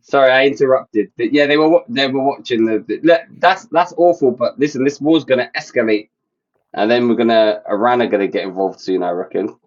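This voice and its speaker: Brief: man, mid-pitch chatty banter, dull headset sound. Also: fairly quick. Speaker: podcast co-host. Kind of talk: casual banter.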